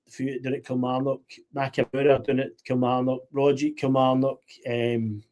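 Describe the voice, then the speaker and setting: A Scottish man hosting a podcast, telling animated football stories in casual chat, full of fillers and restarts. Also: medium pitch, normal speed. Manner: animated storyteller with many fillers. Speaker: podcast host.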